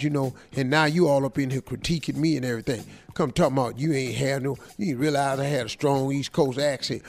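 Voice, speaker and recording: A man's voice: on the high side, natural voice. A man playing a brash 43-year-old manager who talks back to his older boss in blunt street slang.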